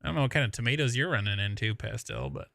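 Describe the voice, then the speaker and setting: A man's voice: medium pitch, quick pace, gravelly, bright, forceful tone, no echo, clean studio sound. A man with a Midwestern accent chatting casually on a live stream, rambling and laughing as he talks. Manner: rambling, laughing, swears freely.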